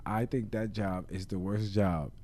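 A man's voice: on the low side, fairly even intonation, unhurried, a little mellow. A man co-hosting a podcast, chatting casually with slangy, laughing banter. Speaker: podcast co-host. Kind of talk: casual chat.

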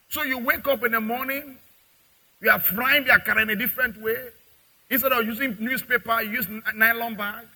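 A man preaches in a lively way, breaking into acted scenes between parents, children and customers. His voice is bright and cutting, pitched fairly high, with a husky edge. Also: rough recording. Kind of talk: sermon with acted dialogue.

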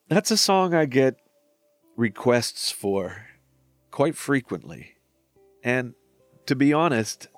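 In a reflective podcast monologue, a man in his forties with a mid-range voice walks through his own songs. He's candid and self-deprecating, swears casually, and there's no room sound.

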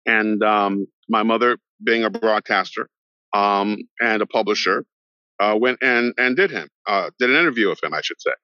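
A middle-aged man, an actor guest on a podcast, telling a long story in an animated way and acting out the voices of the people in it. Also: fairly low pitch, moderate pace, smooth, no room sound. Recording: dull lo-fi sound, dry.

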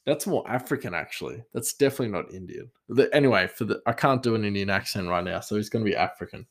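A man's voice: lowish voice, expressive, fast talker. An Australian man hosting a podcast, telling stories in a rambling, self-deprecating way and laughing often. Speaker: podcast host. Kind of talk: casual storytelling.

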